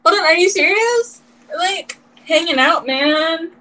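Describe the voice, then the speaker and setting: A woman's voice: very high voice, lively intonation, measured pace, crowd noise, rough recording. A woman co-hosting a podcast, chatting in a playful, teasing way. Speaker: podcast co-host. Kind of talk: casual chat.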